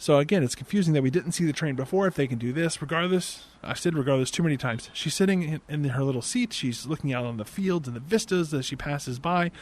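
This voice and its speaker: A young man recapping a movie in a sarcastic, exasperated comedic rant into a desk microphone on a boom arm, swearing now and then. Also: quick pace, hardly any pauses. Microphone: desk mic on a boom arm.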